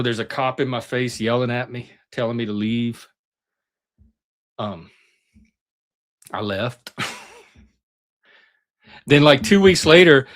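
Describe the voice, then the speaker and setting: Man telling stories in animated asides. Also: mid-range voice. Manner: animated, acts out quoted voices. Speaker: panelist. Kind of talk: casual storytelling.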